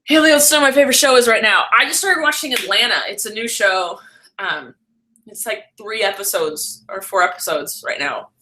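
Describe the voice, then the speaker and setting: A young woman with a mid-range, sharp-toned voice hosts a casual live stream, rambling as she answers viewers. She says "like" a lot and quickly corrects herself, with slight background noise present.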